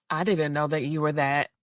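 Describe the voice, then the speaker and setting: A woman co-hosting a podcast, talking in a relaxed way with easy laughter. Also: low voice, no room sound, clean studio sound. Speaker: podcast co-host. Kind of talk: casual podcast conversation.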